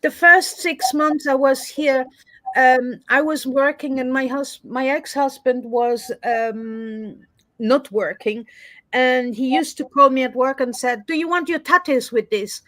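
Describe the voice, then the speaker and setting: A woman guest telling stories in a casual video interview, pausing on fillers and laughing now and then. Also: sits high, steady tone, dry recording. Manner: storytelling, warm laughter, hesitant fillers.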